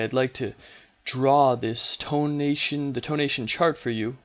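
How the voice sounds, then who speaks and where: A man of middling pitch talks through a lesson in a patient, steady way, pausing often with small fillers. The sound is dull and lo-fi, like an older home video. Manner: patient, steady, with frequent "okay" and "uh". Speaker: language teacher. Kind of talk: unscripted explanatory lesson.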